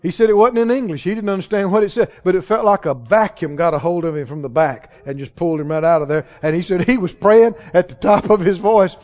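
A male pastor preaching a sermon to a congregation, emphatic and rising to shouts on key lines. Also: high voice, quick pace, hardly any pauses. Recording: dull sound with long hall reverb.

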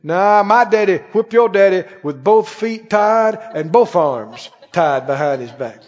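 Animated preaching man, high lively voice. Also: measured pace. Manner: emphatic, animated preaching with exclamations. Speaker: pastor. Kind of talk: sermon. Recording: dull recording with long hall reverb.

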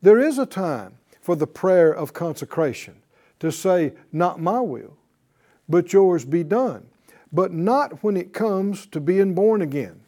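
Slow, lively-pitched male Bible teacher. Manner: emphatic, asks rhetorical questions and repeats phrases. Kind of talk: teaching sermon to a class.

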